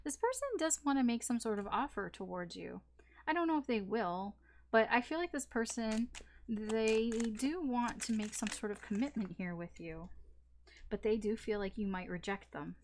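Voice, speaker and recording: A woman's voice: a little high, moderate pace, a little hiss or hum. A woman giving a casual tarot reading, talking in a chatty, rambling way with many fillers and restarts and the odd swear word. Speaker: tarot reader.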